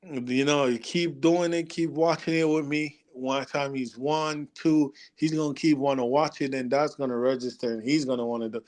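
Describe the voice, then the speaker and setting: A man's voice: medium pitch, fairly even intonation, normal speed, a little mellow. Laid-back young man chatting casually. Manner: laid-back, laughs often. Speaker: podcast co-host. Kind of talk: casual sports chat.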